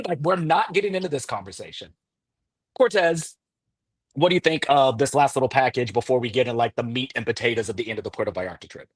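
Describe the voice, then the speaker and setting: Man, podcast host, casual recap chat, animated, laughing, dry close sound. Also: mid-range voice, quick pace, husky, no echo.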